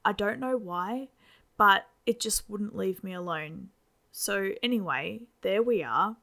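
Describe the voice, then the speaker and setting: Woman reader as a teasing middle-aged father, casual, a bit gravelly. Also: medium pitch, expressive, slow pace, fairly bright tone, full character voice. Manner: chatty, mischievous.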